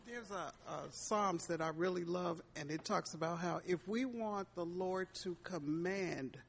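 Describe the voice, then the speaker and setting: A woman from the congregation speaks softly and slowly while sharing a comment. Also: on the low side, slightly rough. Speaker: congregation member.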